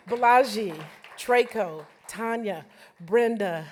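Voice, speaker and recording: A woman's voice: on the high side, extremely slow. A woman in her forties giving an emotional, laughing acceptance speech to a banquet audience. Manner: warm, laughing, tearful toward the end. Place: banquet hall with live audience.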